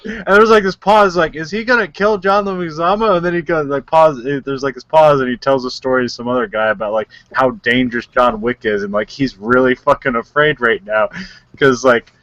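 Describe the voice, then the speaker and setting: A man's voice: medium pitch, brisk, fairly bright tone, dry recording, muffled recording. A man co-hosting a podcast, retelling a movie in casual chat, rambling with lots of filler words and frequent laughs. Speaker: podcast co-host.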